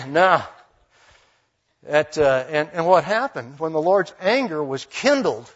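A man preaching a sermon, acting out Bible figures in voiced quotes and dropping folksy asides. His voice sits a little high. The recording sounds dull and lo-fi. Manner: animated storytelling with voiced quotes.

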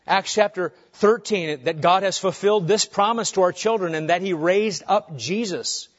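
A man preaching an expository sermon, swinging between booming emphasis and hushed calm. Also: normal speed. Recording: dull lo-fi sermon recording.

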